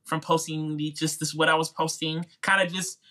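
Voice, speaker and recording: A music YouTuber with a Midwestern twang guests on a podcast, telling his story informally with lots of "like" and "you know." His voice is male, fairly high, and sharp, with little pitch movement and a moderate pace. The talk is casual interview storytelling, and he's chatty, acting out the voices he quotes.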